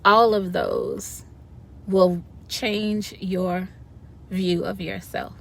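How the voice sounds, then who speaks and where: A woman giving a casual motivational talk on a wellness vlog, animated and folksy, speaking to viewers through a phone or webcam mic. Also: medium pitch, very slow, vocal fry. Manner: animated, folksy, says "y'all". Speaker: wellness vlogger.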